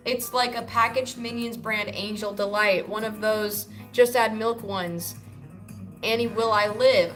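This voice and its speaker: Bright-voiced woman chatting on a livestream. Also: medium pitch, fairly even intonation, a little slow, soft background music. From United States. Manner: loose, profane and joking, answers chat comments. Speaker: livestream host. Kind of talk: casual livestream chat reading comments.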